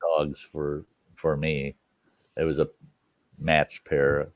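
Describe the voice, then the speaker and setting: A man's voice: extremely low pitch, little pitch movement, slow pace, dry recording. A man hosting a late-night live stream. He tells stories in casual chat, laughs often and swears freely. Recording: dull lo-fi stream audio.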